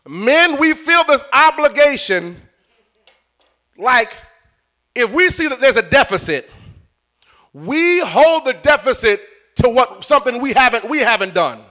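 A man's voice: extremely high pitch, very animated, measured pace, pauses often, sharp tone. A middle-aged man preaching a live sermon in church, joking with and coaxing the congregation.

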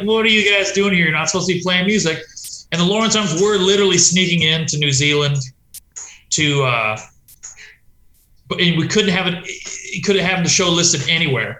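A man's voice: a little high, pushed and bright. A man, a touring punk musician, telling stories in a rambling, profane, casual way and acting out quoted voices. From United States. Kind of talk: casual storytelling chat. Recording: roomy echo.

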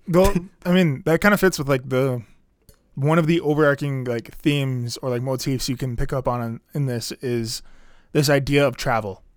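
A man co-hosts a casual podcast, reviewing an album track by track in a relaxed, rambling way packed with "like" fillers. His mid-range voice moves at a moderate pace, and the recording is dry with clean studio sound.

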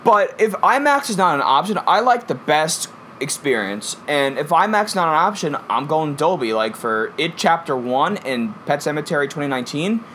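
A young man co-hosting a podcast, chatting casually and telling animated, profane stories. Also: fairly high pitch, normal speed, few pauses, slight background noise. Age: young adult. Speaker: podcast co-host. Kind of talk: casual chat.

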